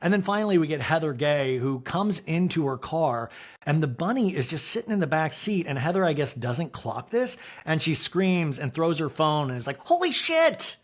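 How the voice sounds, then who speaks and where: A man from Kansas hosting a podcast, recapping a reality TV episode in casual, animated talk and acting out the cast members' lines in mock voices. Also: on the high side, moderate pace. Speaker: podcast host.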